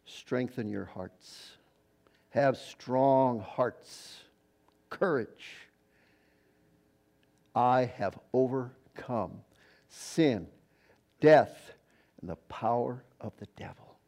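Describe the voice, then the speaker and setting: A man's voice: mid-range voice, extremely slow, vocal fry, pauses often, a little mellow. An older retired man preaching a sermon in a conversational, storytelling way. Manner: conversational storytelling preacher, quoting others in voices. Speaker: pastor.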